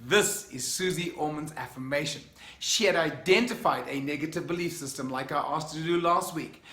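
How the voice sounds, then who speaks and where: A middle-aged South African man with a high voice speaks with keen, emphatic energy in a motivational vlog. His tone is sharp and bright. The room gives his voice a clear echo. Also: moderate pace. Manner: enthusiastic, emphatic, conversational. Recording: echoey room.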